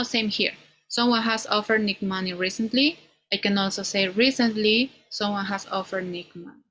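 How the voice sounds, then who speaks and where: A woman teaching an English grammar class, explaining slowly and ending many points with "no?". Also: medium pitch, a bit bright, rough recording. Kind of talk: online class lecture.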